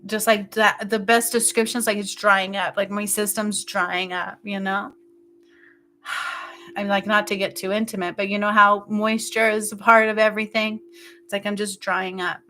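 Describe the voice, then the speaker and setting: A woman leads an intuitive healing session in a soft, intimate voice that sounds bright and clear. She talks slowly and haltingly, drifting between thoughts with plenty of fillers, and her tone stays emotional throughout. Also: medium pitch, flat delivery, slight background noise. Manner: slow, halting, meandering with many fillers. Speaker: spiritual healer.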